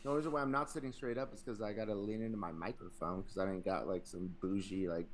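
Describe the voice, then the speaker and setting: A young adult man hosting a loose podcast chat. He has a fairly low voice and rambles on, swearing freely and laughing often. There is a faint hiss behind him. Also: steady tone, fast talker. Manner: rambling, profane, laughs a lot. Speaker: podcast host.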